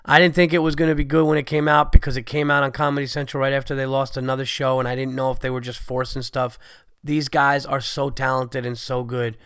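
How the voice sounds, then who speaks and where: A man's voice: medium pitch, level tone, fast, a bit bright, clean tone, no echo, studio quality. A man in his thirties hosting a podcast, chatting casually in a profane, enthusiastic, rambling way while he has a cold. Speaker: podcast host. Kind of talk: casual monologue.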